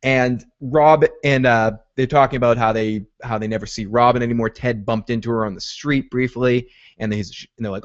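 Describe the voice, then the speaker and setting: A man hosting a podcast, rambling excitably through a casual recap of a TV episode, with frequent restarts. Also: medium pitch, moderate pace, lo-fi sound. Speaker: podcast host.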